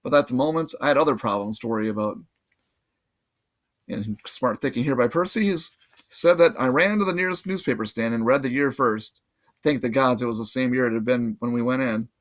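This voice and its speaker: A man reading a novel aloud in casual, lively first-person narration. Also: mid-range voice, fairly quick. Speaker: audiobook reader.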